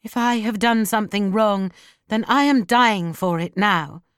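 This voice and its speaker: A woman's voice: mid-range voice, measured pace, clear, resonant tone, dry recording, studio quality, close to an everyday voice. A woman reading an audiobook and voicing a dying young woman, wild, pleading and desperate.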